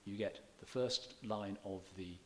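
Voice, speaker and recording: A man giving a public lecture on poetry, measured and scholarly, slowing down to read verse aloud with stressed beats and sometimes restarting his words. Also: on the low side, a little mellow. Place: church hall.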